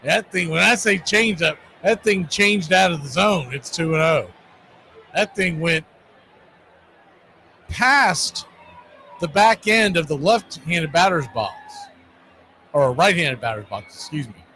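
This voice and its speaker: A man with a high, bright voice calls baseball play-by-play like an old radio broadcast. He gets excitable and shouts the big plays with playful catchphrases, over a faint hum of noise behind him. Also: unhurried. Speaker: play-by-play announcer.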